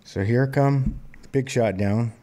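A man in his fifties from Montana, a singer-songwriter telling plainspoken stories in a relaxed interview. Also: mid-range voice, measured pace. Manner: relaxed, plainspoken anecdotal storyteller. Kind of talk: conversational storytelling interview.

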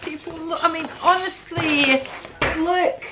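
A woman in her fifties unboxing gifts on her vlog, gushing and stammering with excitement, repeating her exclamations. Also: very high voice, slow pace, noisy background. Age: 50s. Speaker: vlogger.

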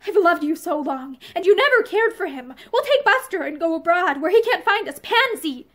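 Woman voicing a heartsick man in a period novel reading, impassioned and pleading, voice pitched very high. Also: animated, moderate pace. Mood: passionate pleading.

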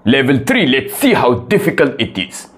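A man's voice: medium pitch, huge pitch swings, moderate pace, slight background noise. A man playing a stubborn, overconfident lady student who boasts in broken English and drags out her words. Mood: boastful. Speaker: comedy sketch creator. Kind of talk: comedic sketch acting.

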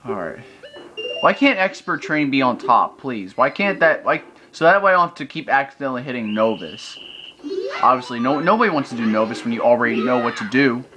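A man's voice: medium pitch, expressive, fairly quick, a crowd in the background. A man giving gameplay commentary, ranting in frustration and swearing often. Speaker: let's play host. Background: video game music.

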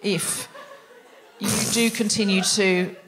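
A woman's voice: medium pitch, steady tone, slow pace. A woman hosting a live comedy podcast, teasing her co-host with laughing asides. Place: live show in a theatre. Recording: live stage recording with background noise.

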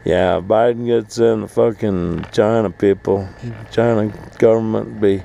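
Cussing guy ranting slow outside, gravelly low voice, bit of noise behind him. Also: steady tone, dark tone. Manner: profane, blunt ranting. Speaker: vlogger. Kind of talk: casual ranting vlog. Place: outdoors at an RV park.

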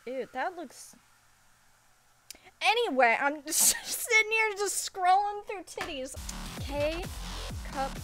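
A young woman streaming a racing game, swearing, laughing and yelling at her opponents as she plays. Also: extremely high pitch, lively intonation, slow pace, long pauses, soft background music. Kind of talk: live gaming commentary.

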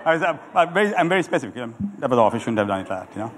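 A middle-aged man preaching a sermon as a pastor, animated and calling on the congregation to answer back. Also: mid-range voice, rapid-fire, slight background noise. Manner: animated preaching with audience call-and-response. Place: church hall. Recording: church hall with long reverb.

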